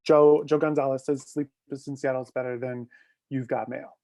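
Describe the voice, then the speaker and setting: Gossipy man telling quick stories. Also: mid-range voice, flat delivery, dark tone. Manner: gossipy, quick storytelling with bursts of laughter. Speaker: guest. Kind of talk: casual live-stream chat.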